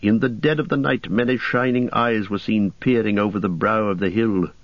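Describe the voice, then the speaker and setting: A man's voice: lowish voice, dry recording. Man reading an audiobook, dry and muffled. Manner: measured, even storytelling. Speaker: narrator. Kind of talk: audiobook narration. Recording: dull dry audiobook recording.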